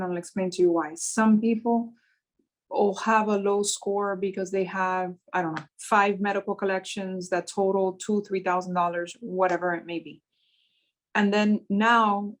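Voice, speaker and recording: A woman talks through her experience as a mortgage business owner. She tells stories with animation and slows deliberately on the points that matter, in an easy conversational interview. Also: mid-range voice, poor audio. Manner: animated storytelling, slows down to stress key points.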